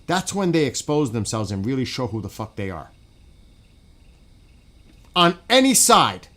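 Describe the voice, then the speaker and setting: A man chatting live on his gaming stream in a voice of average pitch. He is blunt and profane and rambles through restarts. He keeps wandering away from his microphone. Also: sing-song, fairly quick, darkish tone. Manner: blunt and agitated, swears often, rambling with restarts. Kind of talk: casual live-stream chat.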